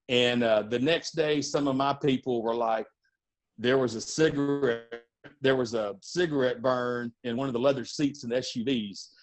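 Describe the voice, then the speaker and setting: A middle-aged man, a music and wrestling promoter, telling anecdotes in a casual podcast interview, lively and full of fillers. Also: medium pitch. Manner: animated anecdote-telling with fillers and acted-out quotes.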